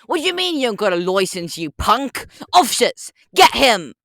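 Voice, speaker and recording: A woman's voice: fairly high pitch, sing-song, moderate pace, a bit bright, no echo, clean studio sound, pitched above the performer's own voice. Woman doing a cocky put-on British detective. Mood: bossy. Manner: swaggering, slangy taunts. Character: brash male British detective, rude and cocky.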